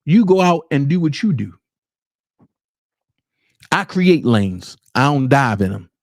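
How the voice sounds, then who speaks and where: A man's voice: mid-range voice, very animated, slow, no echo, clean studio sound. A man hosting a livestream, ranting bluntly with heavy profanity. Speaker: livestream commentary host. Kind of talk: unscripted commentary rant.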